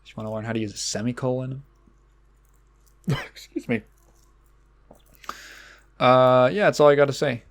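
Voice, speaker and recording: A man's voice: medium pitch, normal speed, long pauses. A man hosting a casual solo podcast, rambling along with many fillers and restarts. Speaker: podcast host.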